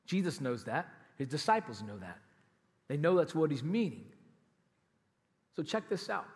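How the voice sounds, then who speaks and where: A man's voice: a little high, big pitch swings, normal speed, darkish tone, long reverb tail. A man preaching a sermon as pastor, emphatic and conversational, with laughs and casual asides. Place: church auditorium.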